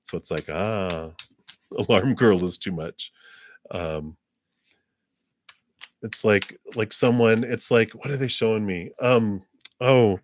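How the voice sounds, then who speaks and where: A man with a low voice talks through live tarot readings in a loose, rambling way, full of ums and "you know." He slips into little laughs and briefly acts out other people's reactions. The sound is dry and close, with no room echo. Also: slow, long pauses. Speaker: tarot card reader. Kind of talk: live-stream card reading.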